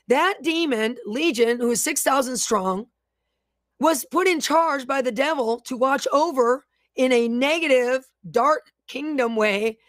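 Fervent high-voiced woman preacher. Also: dry recording, clean studio sound. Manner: fervent, declaring prayers, reading viewer comments aloud. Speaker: preacher hosting a live online ministry stream. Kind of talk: charismatic prayer and sermon.

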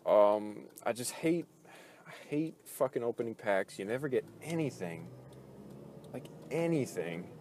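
A man at a middle pitch vents in a loose, rambling rant, swearing freely and circling back with fillers. His frustration keeps building through the talk. Faint traffic murmurs somewhere behind him. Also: animated, a little slow, a little mellow. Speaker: gaming video host. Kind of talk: casual ranting commentary.

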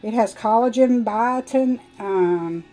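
Chatty country woman, mellow voice. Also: on the high side, slow, faint music behind, low-quality recording. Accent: Southern US country twang. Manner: chatty, rambling, talks to viewers while working. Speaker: live stream host demonstrating nails. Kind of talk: casual live demo chat.

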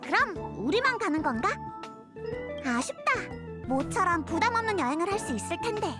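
A woman's voice: extremely high pitch, very animated, very fast. Chirpy, bubbly game girl over music. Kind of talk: game voice acting.

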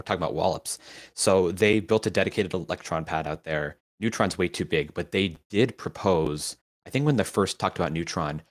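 Man with a really low voice, matter of fact, explaining stuff on a casual live show. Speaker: co-host, writer.

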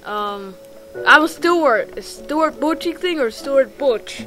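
Woman gamer, let's play commentary, bright sharp voice, slow rambling talk with lots of ums. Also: high voice, faint music behind, rough recording. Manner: rambling and excitable, many ums and restarts.

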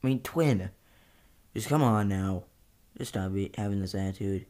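Male host, lowish voice, hesitant and pleading, prone to flaring up. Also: normal speed. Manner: pleading and hesitant, many fillers and restarts, flaring into yelling. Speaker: channel host. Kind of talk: comedy skit podcast.

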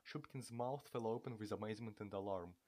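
A man's voice: on the low side, fairly quick, warm tone. A man narrating a story aloud, reading with occasional slips and restarts. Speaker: audiobook reader.

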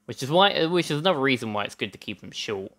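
Very animated and fast, with a mid-range voice and a fairly bright tone, a young man narrates his let's play gameplay. His commentary is chatty and meandering, full of self-interruptions and restarts, and he comes across as hot, sweaty, and a little out of breath.

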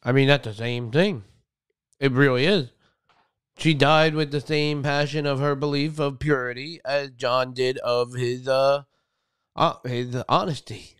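A man's voice: medium pitch, fairly even intonation, unhurried, fairly bright tone, clean tone, no echo, studio quality. A man co-hosting a live podcast, mostly reacting with short remarks. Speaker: podcast co-host. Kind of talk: casual chat.

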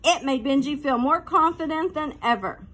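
A woman reading a children's novel aloud as narrator, with clear, lively storytelling. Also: high voice, normal speed.

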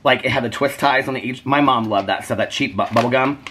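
A man's voice: medium pitch, fast, background noise. A bubbly, giggly man chatting casually to camera in his home kitchen as a vlogger. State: out of breath. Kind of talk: casual chat.

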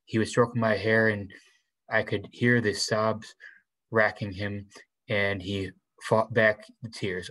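A man reading a novel aloud in the first person, unhurried, with small restarts. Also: fairly low pitch, steady tone, a bit bright, low-quality recording. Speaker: reader.

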